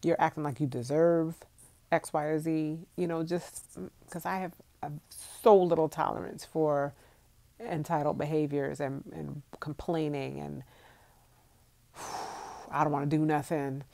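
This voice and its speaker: A woman from the United States chats on a phone livestream with a low, mellow voice and a gravelly edge. She is casual and talkative, laughing often as she answers viewers' comments. She sounds like she's in her thirties. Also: fairly even intonation, a little slow. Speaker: vlogger reading live chat.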